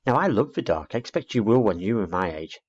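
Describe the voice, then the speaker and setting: Man putting on a genteel elderly lady, prim and scolding, lively lilt, storybook, muffled sound. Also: lowish voice, fast talker. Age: older. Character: fussy elderly woman, short-sighted and prim. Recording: dull lo-fi recording.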